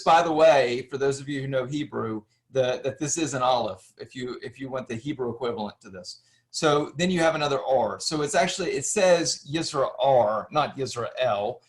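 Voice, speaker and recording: A man at an ordinary pitch gives a history lecture, pointing through slides step by step. He poses questions and then answers them himself. His speech is full of restarts and filler words. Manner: explanatory, asks and answers his own questions, many restarts.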